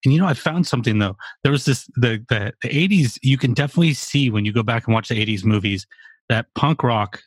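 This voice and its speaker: A man's voice: mid-range voice, quick pace, breathy edge, no room sound. A man in his forties in a casual podcast chat, rambling and profane with lots of fillers. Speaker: podcast co-host.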